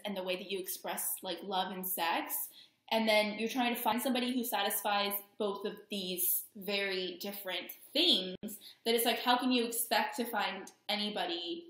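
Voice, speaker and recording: A woman's voice: medium pitch, normal speed, a bit bright, reverberant. A young woman co-hosting an astrology chat, talking casually and laughing as she acts out little voices. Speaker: astrology podcast co-host. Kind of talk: casual chat, joking chart reading.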